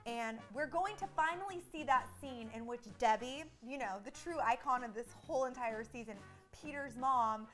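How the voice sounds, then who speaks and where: High-voiced young woman trading quips. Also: fairly bright tone, faint music behind. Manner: chatty, quick quips and playful asides. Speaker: co-host of a TV recap show. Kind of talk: casual chat.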